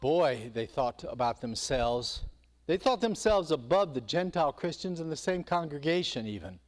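A man's voice: a little high, normal speed. A man preaching a sermon, telling a story with energy and acting out the quotes. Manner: animated storytelling, acts out quotes.

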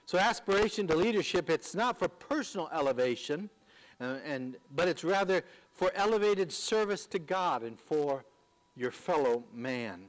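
A man preaching a sermon in an earnest, measured way, slowing down on key words. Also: on the high side, expressive.

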